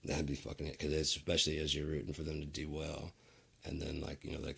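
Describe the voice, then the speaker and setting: A man's voice: extremely low pitch, completely flat delivery, fast talker, vocal fry, a bit bright, breathy edge. A man rambling casually on a stream, drawling and profane, with sentences that trail off and restart.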